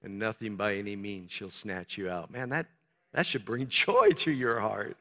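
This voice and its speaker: A man preaching a sermon as pastor, swinging from soft, low talk to loud, emphatic shouting. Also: moderate pace. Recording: long reverb of a large hall.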